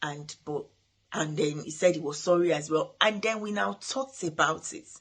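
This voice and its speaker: A middle-aged woman with a husky, breathy voice talks through parenting advice as the host of her show. Her delivery is earnest and advising, and she often restarts her sentences as she speaks. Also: sits low, normal speed. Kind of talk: motivational talk.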